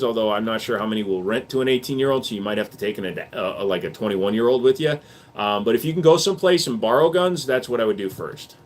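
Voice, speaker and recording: A man hosting a casual livestream, answering chat questions in a blunt, offhand, joking way. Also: medium pitch.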